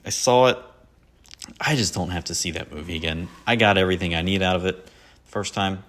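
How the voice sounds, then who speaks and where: A man's voice: sits low, fairly bright tone. A man hosting a casual solo podcast, rambling and self-mocking about his favorite films and slipping into quoted lines. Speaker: podcast host. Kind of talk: casual solo movie talk.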